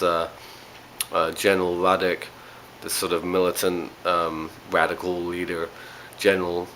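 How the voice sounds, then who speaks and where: A man's voice: sits low, fairly bright tone, a little hiss or hum, low-quality recording. A man giving a casual spoken movie review, rambling along with frequent ums and uhs.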